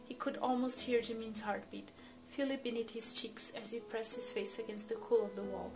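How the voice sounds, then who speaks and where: A woman's voice: on the high side, steady tone, moderate pace. A woman reading fan fiction aloud, narrating expressively with emotion. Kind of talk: dramatic story reading. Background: soft music.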